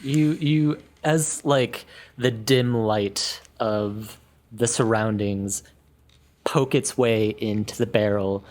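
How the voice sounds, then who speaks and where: A man narrating as game master of a tabletop game, unhurried, with many fillers and quiet trailing phrases. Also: on the low side.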